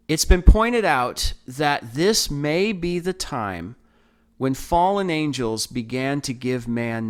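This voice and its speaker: A man's voice: medium pitch, fairly bright tone. A man hosting a podcast Bible study, explaining verses in a thoughtful, teaching manner with frequent restarts. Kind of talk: casual Bible study talk.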